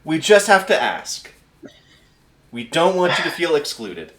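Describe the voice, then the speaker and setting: A man's voice: a little high, sing-song, measured pace, fairly bright tone, reverberant, voice pushed up. A man voicing an overeager male admin clerk with a clipboard, talking in an overly polite, bureaucratic way.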